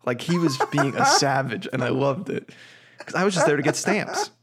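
A man's voice: fairly high pitch, big pitch swings, normal speed, slightly rough. A man co-hosting a podcast, casually rambling through a story and swearing freely. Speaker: podcast co-host. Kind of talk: casual chat.

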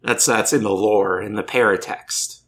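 A man co-hosting a podcast in casual chat, delivering game lore in a deadpan, matter-of-fact way. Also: lowish voice, normal speed. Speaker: podcast co-host.

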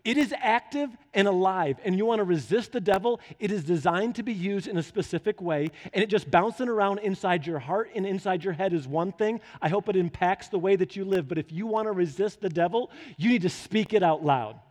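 A man's voice: high voice, a little fast, hardly any pauses, darkish tone. A man preaching a sermon, telling a homely story and then urging his listeners on with fervent exhortation. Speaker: pastor. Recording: long hall reverb.

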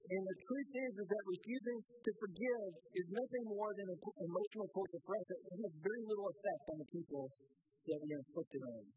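A man's voice: high-pitched, a little fast, dark tone, highs cut off, slight background noise. A man preaching a sermon as a pastor, speaking earnestly and often repeating words as he restarts phrases.

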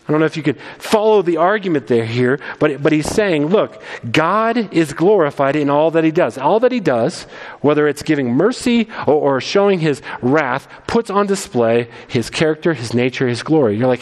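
A man's voice: on the high side, expressive, moderate pace. Emphatic preacher man in a reverberant hall. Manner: emphatic, repeats words as he restarts. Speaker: pastor. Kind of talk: sermon.

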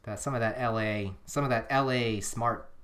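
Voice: medium pitch, moderate pace, a bit bright. A podcast co-host in casual chat, rambling and earnest, often restarting sentences and sometimes drifting off the microphone. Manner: rambling, self-interrupting, earnest. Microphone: drifting off the microphone at times.

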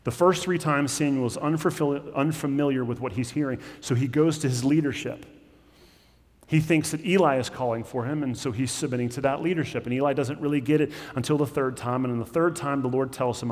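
Conversational pastor preaching in a reverberant hall. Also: male voice, mid-range voice, moderate pace, darkish tone. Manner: conversational preaching, acts out quoted voices. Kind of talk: sermon.

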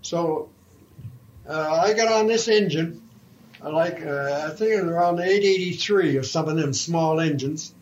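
An older man, a retired railroad fireman, telling an oral history story in a slow, halting, folksy way. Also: fairly high pitch, highs cut off, a little hiss or hum.

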